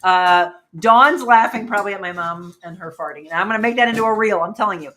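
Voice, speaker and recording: A middle-aged woman hosting a casual livestream chat, talking quickly and laughing with people around her. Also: mid-range voice, a bit bright, a little hiss or hum. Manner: chatty, laughing, quick asides to people in the room. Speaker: host.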